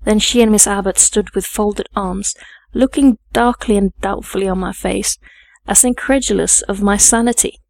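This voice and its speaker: Audiobook narrator, woman, measured and composed, dry close sound. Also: medium pitch, steady tone, creaky, a little mellow, no echo. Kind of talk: scripted narration.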